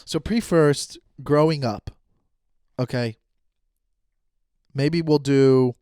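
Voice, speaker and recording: A man in his thirties hosting a podcast, telling a long story in a casual, profane and animated way and acting out his own quotes. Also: medium pitch, very slow, smooth, no room sound, clean studio sound. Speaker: podcast host.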